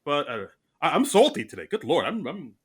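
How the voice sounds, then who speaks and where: A man co-hosting a podcast in casual chat, animated and self-mocking, talking in quick bursts with many restarts. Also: fairly high pitch, a crowd in the background. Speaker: podcast co-host.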